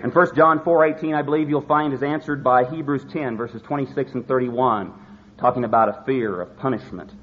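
Guy preaching a sermon, leans hard on words, kinda dull lo-fi recording w faint hiss. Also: mid-range voice. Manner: emphatic, slows down to stress words.

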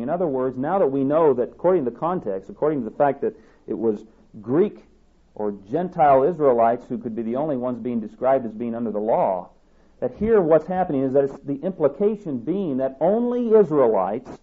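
A man preaching a sermon, reading scripture aloud and driving his points home with emphatic repetition. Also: mid-range voice. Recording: tinny phone-like sermon tape.

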